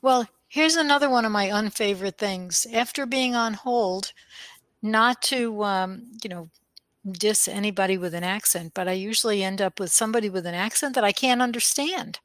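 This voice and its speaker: A woman chatting casually, complaining in an animated way. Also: medium pitch, normal speed, no room sound. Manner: complaining, animated when mimicking others. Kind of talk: casual chat.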